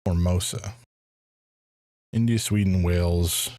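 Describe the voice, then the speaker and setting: A man's voice: sits low, fairly even intonation, takes it slowly, mellow, no echo, clean studio sound. A man streaming a first playthrough of a game, thinking aloud in a hesitant way and often restarting his sentences. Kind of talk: live game commentary.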